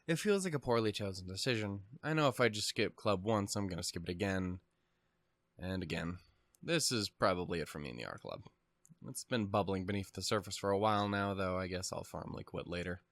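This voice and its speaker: A man's voice: low voice, expressive, brisk, fairly bright tone, no echo. A man hosting a let's play, reading a visual novel aloud and breaking off into rambling, profane, self-mocking commentary.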